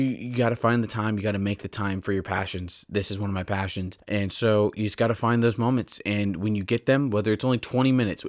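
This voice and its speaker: A tired man hosting his own podcast in a casual, rambling way, often breaking off mid-sentence and then rushing ahead in sudden bursts. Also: mid-range voice, no room sound, studio quality. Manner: rambling, self-interrupting, with bursts of hurried excitement. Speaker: podcast host. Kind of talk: casual solo podcast talk. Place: at home on a couch.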